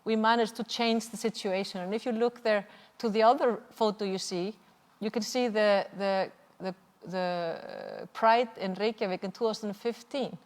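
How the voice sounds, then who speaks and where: A woman's voice: medium pitch, steady tone, moderate pace. A woman with an Icelandic accent giving an impassioned seminar presentation over slides, earnest and often hesitating. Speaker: seminar speaker, activist. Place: large hall at a cultural venue. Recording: long reverb of a hall.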